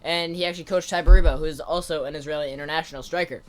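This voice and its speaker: A man co-hosts a casual sports podcast with a voice a touch high for a man. He breaks down the game in a dry, joking manner. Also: fairly even intonation, rapid-fire. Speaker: podcast co-host.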